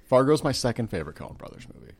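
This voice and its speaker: A man's voice: medium pitch, very animated, rapid-fire, a little mellow, a little hiss or hum. A young man co-hosting a film podcast, chatting casually and swearing freely between jokes. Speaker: podcast co-host. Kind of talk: casual chat.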